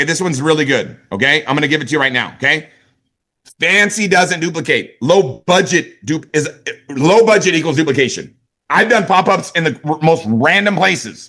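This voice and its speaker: A middle-aged man from California giving an energetic motivational sales talk, hammering catchphrases and checking in with "right?" and "okay?". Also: fairly high pitch. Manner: emphatic, repeats catchphrases, asks "right?" and "okay?".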